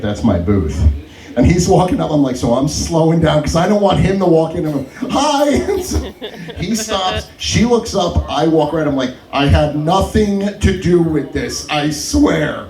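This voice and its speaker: Animated man telling stand-up stories. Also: medium pitch. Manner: animated, laughs through his own stories. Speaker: stand-up comedian. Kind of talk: open mic stand-up storytelling. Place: comedy club stage. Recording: roomy club sound, mic at a distance.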